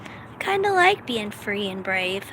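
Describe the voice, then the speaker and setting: A woman's voice: medium pitch, sing-song, measured pace, a bit bright, slight background noise, rough recording. A middle-aged woman from the United States, rambling casually in a self-deprecating vlog with lots of fillers. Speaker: vlogger.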